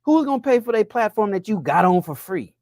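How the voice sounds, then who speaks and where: A man preaches about money, his pitch leaping up whenever he fires off a rhetorical question. The sound is close and dry, with no room around it. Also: big pitch swings, a little fast, darkish tone, no room sound. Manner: preacher-like, rhetorical questions, pitch swings up when pressing a point. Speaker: money coach. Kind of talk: preaching motivational talk.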